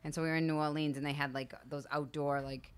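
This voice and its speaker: A woman's voice: deep voice, flat delivery, fast talker. A woman from the area, telling a wild story on a podcast in a brash, swearing way full of "like". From Boston area. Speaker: guest comedian.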